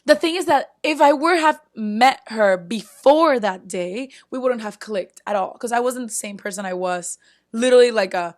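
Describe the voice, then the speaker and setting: Excitable young woman telling a story. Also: fairly high pitch, moderate pace. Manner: excitable, animated retelling with many "like"s and sudden bursts of loud disbelief; frequent filler "like" and restarts, chatty. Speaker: vlogger. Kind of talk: casual storytelling to camera.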